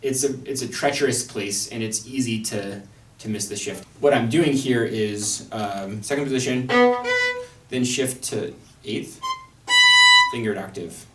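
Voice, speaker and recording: In an echoey room with a distant microphone, a young adult man gives a lesson on an orchestral violin passage. His voice is on the low side and his pace measured, with a thoughtful, dry humor, frequent fillers and restarts, and faint music in the background.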